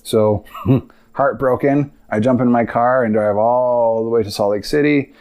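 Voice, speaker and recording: A man's voice: medium pitch, fairly even intonation, a little slow, darkish tone. A young man hosting a podcast, telling a personal story in a rambling, casual way with lots of asides. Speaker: podcast host.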